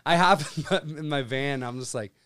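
A man casually telling a profane, animated story from his workday. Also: medium pitch, fairly quick, smooth, dry recording, clean studio sound.

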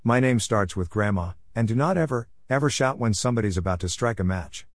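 A man's voice: fairly low pitch, animated, brisk, dry recording. A man reading a story, voicing a patient but firm grandmother on a camping trip. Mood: stern.

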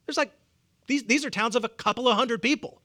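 A man's voice: very high-pitched, brisk, bright, forceful tone. A man with a Southern US accent preaching a sermon, humorous and conversational, chuckling often. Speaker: pastor.

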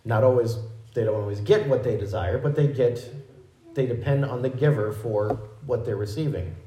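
Speaking at normal speed, this man has a mid-range voice with a dark tone. He's preaching and explaining a passage in a teaching manner, often fixing his wording mid-sentence, and the room echoes.

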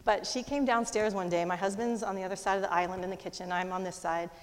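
Fast-talking woman in an echoing hall. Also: medium pitch. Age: middle-aged. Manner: fast, animated storytelling with lively quoted voices. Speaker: speaker. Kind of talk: personal storytelling talk. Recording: long hall reverb.

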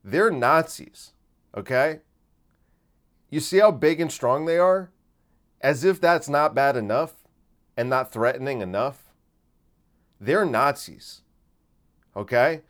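A man's voice: a little high, expressive, measured pace, darkish tone, voice pushed up. A man doing a pushy, slangy club-going buddy. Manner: insistent, slangy, talks down.

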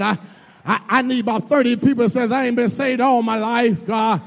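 High-pitched gravelly preacher, shouting sermon. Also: male voice, normal speed. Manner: call-and-response preaching, shouting and dropping low; repeats words and addresses the congregation as y'all. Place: church. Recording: reverberant hall with music under.

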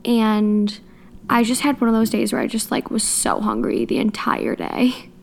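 A young woman with a fairly high voice co-hosts a podcast. She chats in a relaxed, easygoing way. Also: moderate pace, creaky. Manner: easygoing, laid-back. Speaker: podcast co-host. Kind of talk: casual chat.

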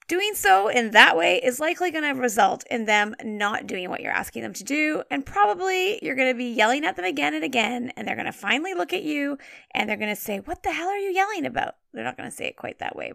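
A woman in her forties hosts a parenting podcast with an upbeat, encouraging energy and a fairly high voice. Her voice has a gravelly fry running through it. She is recorded close and dry, with faint music underneath. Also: pushed and bright, no echo. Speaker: podcast host and parenting coach.

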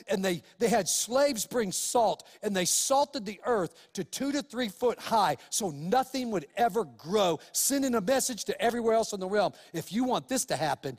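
A man preaching a sermon as pastor, passionate and animated, with dramatic emphasis and shifts between excited outbursts and hushed, solemn passages. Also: high-pitched. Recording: long hall reverb.

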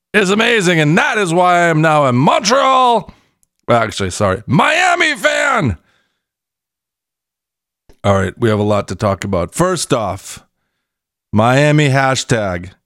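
A man hosting a soccer podcast in a comedic rant, sarcastic, swinging between shouted lines and muttered asides. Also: medium pitch, gravelly, no echo, studio quality.

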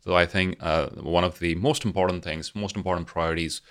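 Low-voiced measured male interviewer. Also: fairly even intonation, a bit bright. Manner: measured, with frequent short affirmations. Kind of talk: conversational interview.

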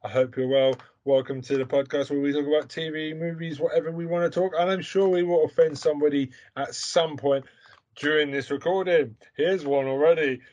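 A man's voice: fairly high pitch, fairly even intonation, fairly quick, darkish tone, lo-fi sound. A man hosting a podcast, talking bluntly and provocatively in crude casual chat. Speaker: podcast host.

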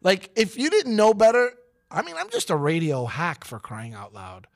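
A man with a raspy voice hosting a morning radio show, rambling and joking with his co-hosts. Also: sing-song, moderate pace. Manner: jokey, rambling, sometimes drops to a low corporate voice. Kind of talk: casual morning show banter.

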